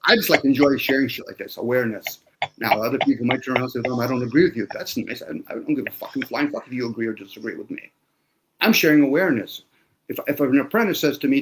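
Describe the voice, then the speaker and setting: A man's voice: mid-range voice, fast, very noisy. A man in a casual conversation, talking bluntly with lots of swearing and sarcasm. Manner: blunt, profane ranting.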